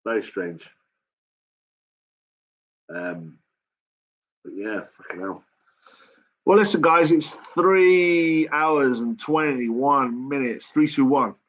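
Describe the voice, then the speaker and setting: A man's voice: mid-range voice, lively intonation, slow pace, pauses often, fairly bright tone, highs cut off. A middle-aged man hosting a late-night live chat, telling stories in a rambling, blunt way with constant swearing. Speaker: live stream host.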